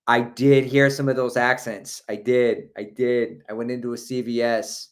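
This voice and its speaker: A middle-aged man hosting a casual livestream about running. He reads out viewer comments and riffs on them with a chatty, joking manner, often breaking into a laugh. His voice sits at an ordinary male pitch. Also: flat delivery, moderate pace, hardly any pauses. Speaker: running channel host.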